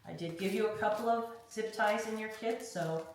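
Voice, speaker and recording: A woman's voice: mid-range voice, moderate pace. A woman leading a hands-on craft tutorial, talking through each step in a chatty way and often checking in with "okay?". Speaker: craft instructor. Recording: very echoey room, mic far off, faint noise.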